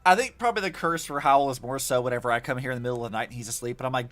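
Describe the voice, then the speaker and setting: A young man commenting casually on a game he is playing, chatty and animated with lots of fillers. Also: mid-range voice, racing, faint music behind. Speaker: streamer.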